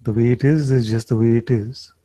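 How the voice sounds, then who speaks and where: A man giving a satsang talk as a spiritual teacher, slow and reflective, often checking in with listeners. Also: mid-range voice, fairly even intonation, dry recording, low-quality recording. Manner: slow, reflective, gently questioning.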